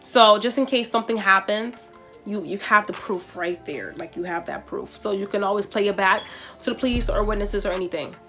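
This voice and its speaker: A woman's voice: mid-range voice, brisk, soft background music. A young woman telling a storytime vlog about buying her first car, acting out the people in it. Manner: animated, acts out quoted voices.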